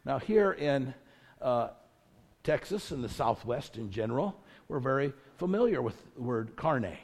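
Animated and darkish in tone, a medium-pitched male voice delivers a sermon at a measured pace. The pastor builds to his points with rising intensity and repeated emphasis. Recorded in a church sanctuary, the sound carries a large hall's long reverb.

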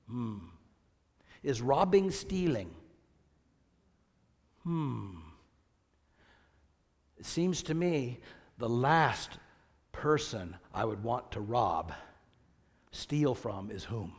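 A man's voice: mid-range voice, expressive, extremely slow, long pauses, big-room sound. A man preaching a sermon as pastor, reading scripture aloud with rising emphasis and asking the congregation questions.

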